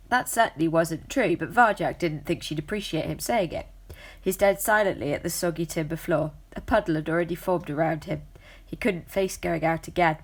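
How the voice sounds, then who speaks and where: A woman reading a children's novel aloud as narrator, steady and measured. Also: fairly low pitch.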